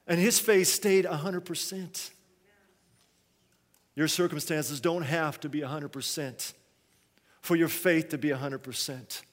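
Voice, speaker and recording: A male pastor preaching a sermon, swinging between quiet, hushed phrases and loud, raised ones. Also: on the high side, fairly even intonation, unhurried, long pauses, long reverb tail.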